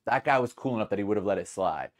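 Male podcast host, casual storytelling, low voice, animated, rambling. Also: very fast. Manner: animated, rambling, self-correcting.

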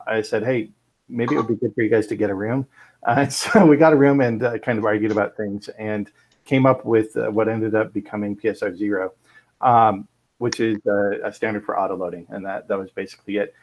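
Male podcast guest, low-ish voice, relaxed storyteller, loose with fillers. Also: fairly quick, rough recording. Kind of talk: casual panel chat.

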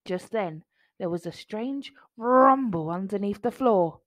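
A woman reading a children's picture book aloud in a slow, playful and expressive way. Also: medium pitch, no room sound. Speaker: storybook reader.

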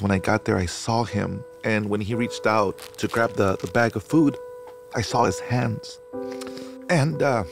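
A man's voice: on the low side, a little slow, vocal fry. A middle-aged man, a restaurateur and chef, telling stories animatedly in an interview and dropping into Spanish phrases, seated on an outdoor patio. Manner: animated storyteller, code-switches into Spanish phrases. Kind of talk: storytelling interview. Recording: music playing under the voice.

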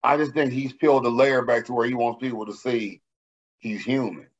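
A man co-hosting a podcast, telling stories in a profane, animated way during casual banter. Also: mid-range voice, moderate pace, lo-fi sound, a little hiss or hum. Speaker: podcast co-host.

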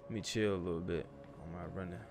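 Speaking fast in a low, steady voice over soft background music, a gaming YouTuber narrates his survival game run casually. The young dad swears freely and talks both to himself and to the characters in the game.

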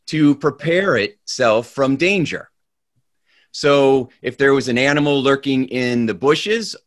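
Man, motivational speaker, mid-pitched voice, storytelling, energetic delivery. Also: no echo. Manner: animated storyteller, grows loud and high in the punchline. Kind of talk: motivational talk with a told joke.

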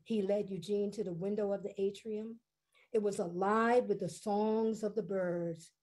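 A woman storyteller telling a story to families in an expressive, unhurried way. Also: medium pitch.

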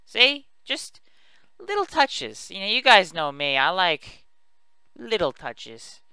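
A man with a very bright, crisp voice and a gravelly edge, chatting casually over his gameplay. He rambles and pokes fun at himself as he goes. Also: high voice, huge pitch swings, takes it slowly, dry recording. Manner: rambling, chatty, self-mocking. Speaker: let's play host.

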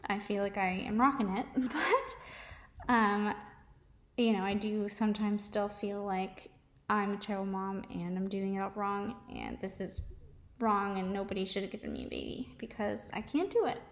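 A young adult woman, a mom vlogger, speaking candidly and haltingly about her own experience, with many restarts and fillers. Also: mid-range voice, animated, roomy sound. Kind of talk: candid personal testimony.

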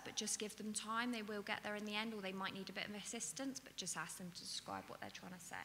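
Woman, dementia care trainer, patient explaining, bright voice, reverberant hall, faint hiss. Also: medium pitch. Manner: patient, explanatory, with many ums and "so". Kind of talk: awareness talk to an audience. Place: event hall.

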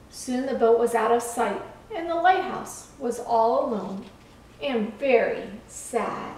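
A woman in a church setting reading a children's story aloud in a slow, expressive, kid-friendly way. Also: a little high. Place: church room. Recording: echoey room, far from mic.

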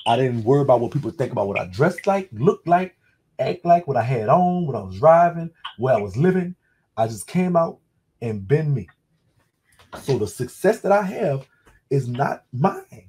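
A man with a Louisiana accent hosts a casual call-in talk, telling a personal story in a loose way, restarting often and cursing bluntly. His voice is husky and dark in tone, medium in pitch with big swings, at a normal speed.

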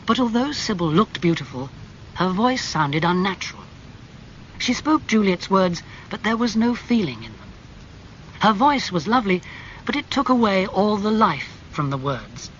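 A man narrating a classic novel as an audiobook, in a clear, measured storytelling manner. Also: sits high, very animated, fairly bright tone. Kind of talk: audiobook reading of a graded classic. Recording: slightly muffled with faint hum.

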